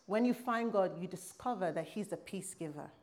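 A woman's voice: fairly low pitch, expressive, normal speed. Emphatic woman preaching a testimony. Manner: emphatic, exclaiming, with call-and-response asides; swings between loud outbursts and hushed lines. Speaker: church speaker giving a testimony.

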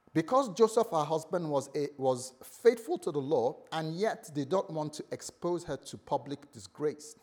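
A man preaching a morning sermon in a conversational way, joking with the congregation and acting out the story's dialogue. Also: a little mellow. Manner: conversational, playful asides to the congregation; acts out dialogue with shifting pitch and volume.

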